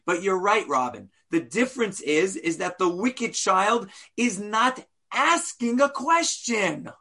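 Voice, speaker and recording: Brief: male rabbi leading a class, bright and husky, playful rhetorical style. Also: high-pitched, slow pace. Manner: animated, rhetorical questions, playful asides. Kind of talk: teaching a class.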